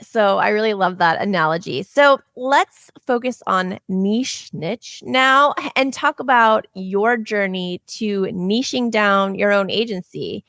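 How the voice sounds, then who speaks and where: A woman's voice: mid-range voice, expressive, a little slow, hardly any pauses, a bit bright, no echo. A woman hosting a podcast, chatting in a bubbly, casual way and laughing often. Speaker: podcast host. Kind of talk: casual interview chat.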